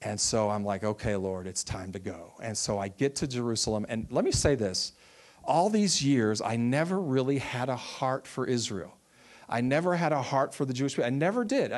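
A man who runs a ministry, telling a personal testimony in a sermon and acting out the voices of the people he quotes. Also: medium pitch. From Texas. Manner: storytelling, animated, acts out quoted voices.

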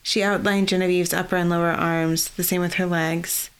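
A woman's voice: lowish voice, flat delivery, moderate pace, smooth. Woman narrating a fantasy audiobook.

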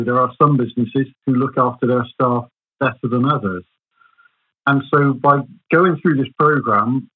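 A man, a business consultant, explaining his points in a measured way through everyday examples. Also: medium pitch, breathy edge. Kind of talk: explaining in a podcast conversation. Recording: tinny phone-like line.

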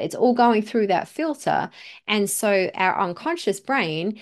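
A woman's voice: mid-range voice, lively intonation, a little slow. A woman hosting a solo motivational podcast, talking in an earnest, emphatic way and repeating phrases for effect. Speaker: podcast host.

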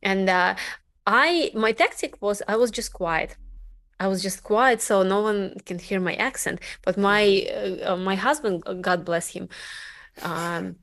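A woman with a Russian accent hosting a podcast interview, speaking haltingly with many fillers. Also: mid-range voice, a bit bright. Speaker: podcast host. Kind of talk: casual interview chat.

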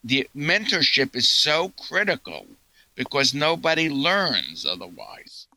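Slow, bright-voiced man explaining earnestly. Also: mid-range voice, big pitch swings, no room sound, rough recording. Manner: earnest, storytelling, quotes others. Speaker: guest scientist. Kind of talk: interview answers.

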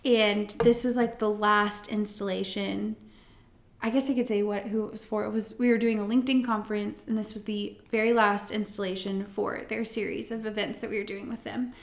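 A woman co-hosting a podcast, telling a long story in an animated casual way, full of "like" fillers. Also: mid-range voice, a little fast, creaky, reverberant. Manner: animated storyteller, acts out quotes, many "like" fillers. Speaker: podcast co-host, event florist.

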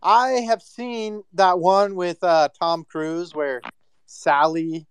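A man's voice: high-pitched, fairly even intonation, slow, clear, resonant tone, no room sound. A man in a casual chat, arguing his point in a brash, emphatic rant.

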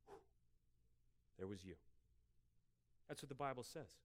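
A man preaching a sermon as pastor, emphatic and rising for scripture, dropping quiet for asides. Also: medium pitch, lively intonation, unhurried, long pauses. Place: church sanctuary.

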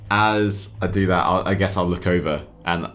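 A man playing a tabletop role-playing game, joking and laughing often. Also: sits low. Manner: slow, lively, laughing a lot. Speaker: player.

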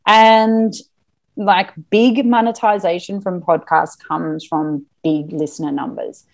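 A woman talking as a podcast guest in a casual interview, chatty and animated with plenty of fillers. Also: fairly low pitch, slow, vocal fry. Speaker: podcast guest, marketing business owner.

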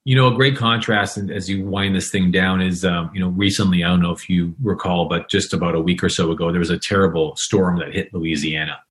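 A man's voice: low voice, steady tone, brisk, few pauses, fairly bright tone. A man hosting an interview podcast, speaking conversationally and telling a story to his guest. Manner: tells an anecdote with acted quotes. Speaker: podcast host.

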